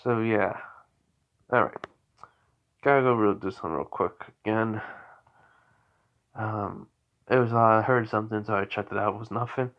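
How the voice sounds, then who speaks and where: A man's voice: on the low side, moderate pace, pauses often, dull audio. A tired man casually telling an unscripted fan story, rambling and correcting himself with many fillers. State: tired, yawning.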